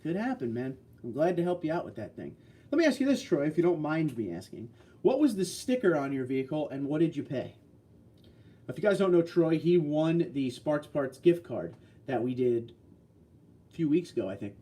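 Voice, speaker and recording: A man's voice: fairly high pitch, dark tone. A man in his sixties hosting a casual livestream, reading viewer comments and answering in a blunt, folksy, opinionated way. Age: 60s. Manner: blunt, folksy, opinionated, reads out chat messages. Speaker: livestream host.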